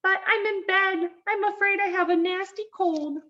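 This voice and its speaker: A woman's voice: fairly even intonation, moderate pace. A woman doing a wolf faking a scratchy granny. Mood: sly sweet. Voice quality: scratchy, high. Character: male wolf faking a scratchy old grandmother. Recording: dull lo-fi sound.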